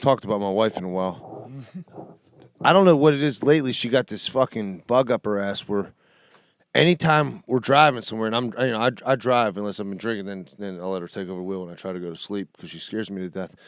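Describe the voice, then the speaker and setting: A man's voice: fairly low pitch, quick pace, clean tone, dry recording, studio quality. A middle-aged man, a podcast co-host ranting profanely in a casual chat and often laughing.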